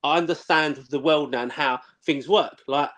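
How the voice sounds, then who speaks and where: A man, telling blunt, excitable, sweary football stories in a casual live chat. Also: on the high side, moderate pace. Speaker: former footballer, guest.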